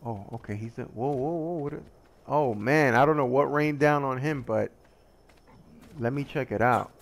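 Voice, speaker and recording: Here a man of medium pitch talks at a normal speed, rambling through a survival game session with self-deprecating jokes. Easily distracted and excitable, he yelps any time something goes after him.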